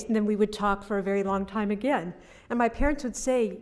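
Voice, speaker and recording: A middle-aged woman giving a funeral eulogy for her sister, telling childhood stories with soft laughs. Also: mid-range voice, quick pace, hardly any pauses. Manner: anecdotal storytelling with soft laughs.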